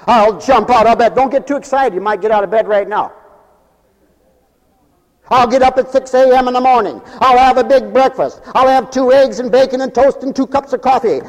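A man's voice: very high voice, brisk, long reverb tail, poor audio. A man delivering a humorous radio sermon, scolding and theatrical, playfully mocking his listeners. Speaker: radio preacher.

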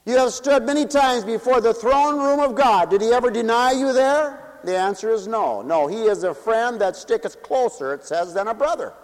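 High-voiced preacher man in a reverberant hall. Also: moderate pace, few pauses. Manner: dramatic, swings between loud peaks and hushed low drops, many rhetorical questions. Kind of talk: sermon to a congregation, also broadcast on radio.

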